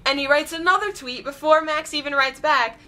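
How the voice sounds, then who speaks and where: A woman vlogging in casual chatty storytelling, giggly, excitable and gushing. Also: high voice, a little fast.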